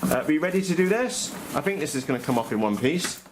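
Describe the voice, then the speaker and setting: This time the vlogger's voice is fairly high and expressive, and he talks fast over background noise. Unboxing radio-control models, he stays chatty and blunt, frequently saying uh, restarting and correcting himself.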